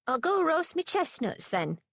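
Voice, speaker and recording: A cheeky little street boy from an audiobook , as a woman narrator puts him on, piping high and eager. His voice jumps up bright and quick, and it sounds close and dry. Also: sing-song, dry recording, exaggerated voice.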